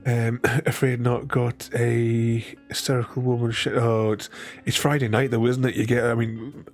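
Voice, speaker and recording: A man's voice: medium pitch, flat delivery, moderate pace, faint music behind. A man casually chatting with his viewers while playing a solo board game, thinking aloud and laughing often.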